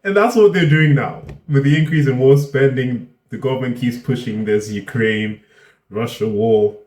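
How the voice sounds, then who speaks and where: Guy doing a reaction vid, fed up and disbelieving, voice jumps high when he's outraged, echoey room. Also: steady tone, moderate pace, darkish tone. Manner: exasperated, incredulous, jumps in pitch when outraged. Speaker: reaction video host. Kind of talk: reaction commentary. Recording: roomy echo.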